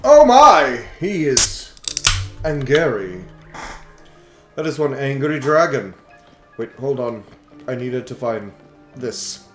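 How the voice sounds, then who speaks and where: A man giving jokey, excitable commentary while playing a video game, now and then swearing. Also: medium pitch, takes it slowly, pauses often. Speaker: let's play host. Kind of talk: casual gameplay commentary. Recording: roomy echo, faint game music. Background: faint game music.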